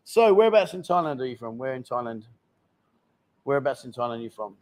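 A man's voice: medium pitch, big pitch swings, quick pace, darkish tone. A man in his fifties hosting a live chat show, joking and teasing guests and viewers in casual banter. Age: 50s.

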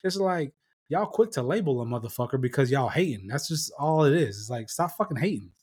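A man's voice: mid-range voice, animated, a little fast, darkish tone, slightly rough. A middle-aged man hosting a podcast, telling stories casually and with plenty of profanity, acting out the voices he quotes. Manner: profane storyteller who acts out quoted voices. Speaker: podcast host. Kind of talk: casual chat.

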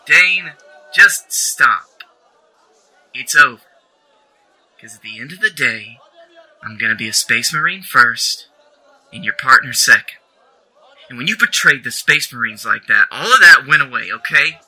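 A man's voice: mid-range voice, expressive, unhurried, long pauses, bright, forceful tone, slightly rough, a faint crowd, poor audio. A man acting in an audio drama, angry, clipped and stern.

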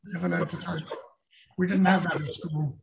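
This is an older man with a British English accent, talking in a casual interview. His voice sits fairly high for a man and has a gravelly edge. He rambles, repeats words and restarts his sentences as he thinks aloud. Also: fairly even intonation, normal speed, noisy background. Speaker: author, guest.

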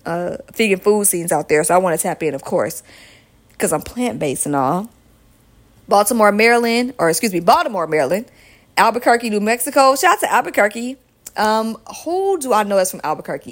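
Chatty woman podcast host. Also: medium pitch. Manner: chatty, reading a long list of towns with asides. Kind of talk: casual podcast shoutouts.

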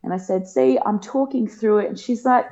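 A woman, telling a personal story in a casual chat, emotional and laughing often, acting out quoted lines in a higher voice. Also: normal speed, warm tone. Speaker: guest. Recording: dull lo-fi podcast sound.

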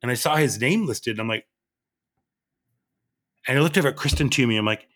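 A middle-aged man chatting casually as a podcast host, an animated storyteller who acts out quotes with big jumps in his voice. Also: mid-range voice, a little fast. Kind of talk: casual chat.

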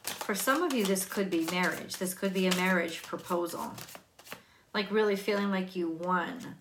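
A woman's voice: on the low side, moderate pace, noisy background. A woman doing a tarot reading in a chatty, casual way, laughing often and restarting her sentences. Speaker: tarot reader.

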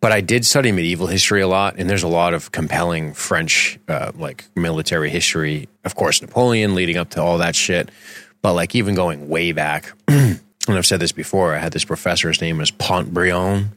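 A man's voice: low-pitched, brisk, a bit bright, dry recording. A man co-hosting a film podcast in loose, rambling, profane casual chat. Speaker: podcast co-host.

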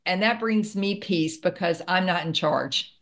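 Earnest lower-voiced woman guest. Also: measured pace, a bit bright. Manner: earnest, heartfelt. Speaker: podcast guest, author. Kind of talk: spiritual interview talk.

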